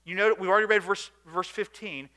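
A man preaching a sermon in a church, earnest and by turns emphatic and hushed. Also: fairly even intonation, brisk, big-room sound. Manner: earnest, rising to emphatic bursts then dropping low. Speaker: pastor.

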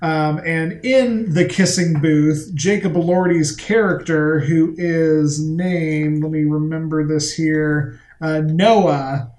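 A man's voice: fairly high pitch, steady tone, takes it slowly, hardly any pauses, a little mellow, roomy sound. A man co-hosting a podcast, talking in a chatty, rambling and sometimes profane way. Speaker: podcast co-host. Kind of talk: casual chat.

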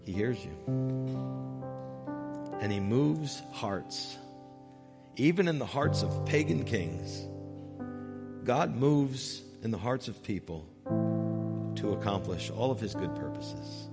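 A man preaching a sermon as pastor, earnest, rising loud on key points and dropping soft and slow when moved. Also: fairly low pitch, lively intonation. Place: church sanctuary. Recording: long hall reverb with faint music.

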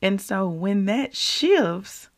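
A woman hosting a podcast, giving a casual, preacherly faith devotional in an animated, folksy way. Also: medium pitch, drawn-out words. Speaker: podcast host.

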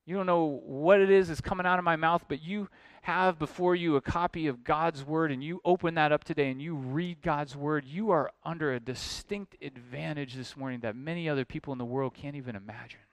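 A man's voice: fairly high pitch, fairly quick, few pauses, no room sound. A man preaching an expository sermon as pastor, earnest, building to emphatic questions.

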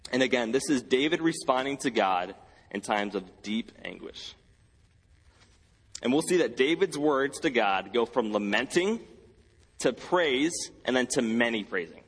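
A man's voice: medium pitch, a bit bright, in a large hall, rough recording. A man preaching a sermon as pastor, earnest, repeating key phrases for emphasis. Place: church sanctuary.

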